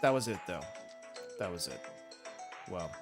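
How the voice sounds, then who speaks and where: A man's voice: sits low, very animated, a little slow. A young man giving casual gameplay commentary, rambling and correcting himself as he plays. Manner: rambling, self-correcting, laughs often. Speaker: gaming streamer. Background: game music.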